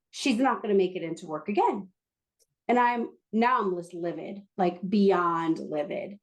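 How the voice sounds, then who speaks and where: A woman guest on a podcast interview, telling a candid, self-deprecating story about work with quick asides. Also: lowish voice.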